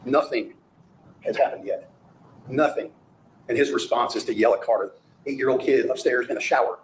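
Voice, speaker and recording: A man's voice: medium pitch, a little fast, long pauses. A man delivering a courtroom closing argument as prosecutor, emphatic and rhetorical, often repeating phrases for effect. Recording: echoey courtroom audio with faint noise.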